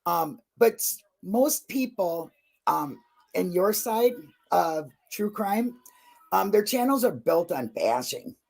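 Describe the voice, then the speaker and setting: A woman's voice: lowish voice, lively intonation, takes it slowly, vocal fry, darkish tone. A woman talking in a casual livestream chat about true crime, emotional and effusive, blunt and not shy about swearing. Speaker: true crime channel guest.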